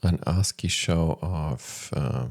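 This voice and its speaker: A man thinking aloud to himself as he writes code, low-key and halting, with frequent pauses and fillers. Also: creaky, a little mellow. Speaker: programmer streaming his coding. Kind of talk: thinking aloud while coding.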